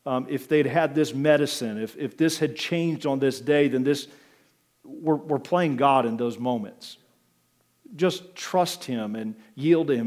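A pastor delivering a sermon in an easygoing, conversational style. He drops in asides, and his voice rises for emphasis on key points. A man of mid pitch and ordinary range. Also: darkish tone.

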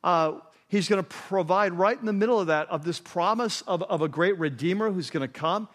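A man preaching a sermon in a conversational way, often saying "catch this" and dropping low and quiet on key phrases. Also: brisk. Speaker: pastor.

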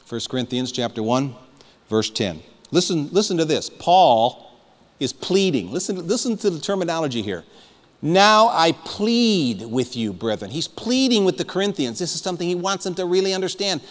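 A man preaching with fervent, emphatic insistence, his voice sitting a little high. The sound rings with the long reverb of a church hall. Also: expressive, fairly quick. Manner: fervent, emphatic preaching with repeated calls to listen. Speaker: pastor. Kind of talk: sermon.

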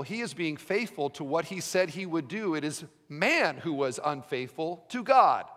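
A man preaching a sermon as pastor, emphatic, with rhetorical questions and sudden drops to a quiet voice. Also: fairly high pitch, long reverb tail.

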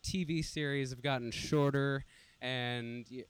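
A young man in casual chat, relaxed and hedging with lots of fillers. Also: medium pitch, measured pace, clean tone. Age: young adult.

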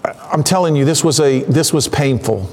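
High-pitched pastor guy preaching, earnest and chatty, lots of hall echo. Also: darkish tone, slight background noise. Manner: earnest, conversational preaching with sighs and pauses. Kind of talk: sermon.

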